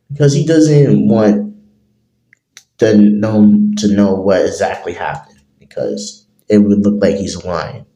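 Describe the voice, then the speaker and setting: A man's voice: lowish voice, mellow. A man improvising a fan story, rambling with many fillers. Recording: roomy echo.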